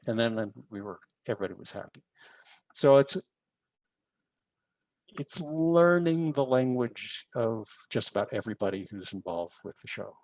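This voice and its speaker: A man's voice: mid-range voice, normal speed, darkish tone, no room sound, low-quality recording. A man, a visual effects supervisor, telling stories from film work in a webinar and acting out the exchanges he quotes. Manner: storytelling, acts out quoted exchanges. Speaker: VFX supervisor giving a webinar. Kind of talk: anecdotal lecture. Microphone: video call.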